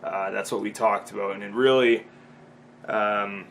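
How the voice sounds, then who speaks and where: A man's voice: lowish voice, steady tone, unhurried, fairly bright tone, a little hiss or hum. A man in his twenties from Boston, rambling casually in a vlog recap, with many ums and restarts and frequent swearing. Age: 20s. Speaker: vlogger.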